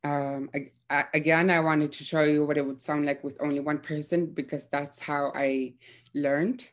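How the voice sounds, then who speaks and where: A young woman teaching throat singing in a gentle, hesitant way, with many fillers. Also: deep voice, flat delivery, moderate pace. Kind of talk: casual spoken lesson with demonstrations.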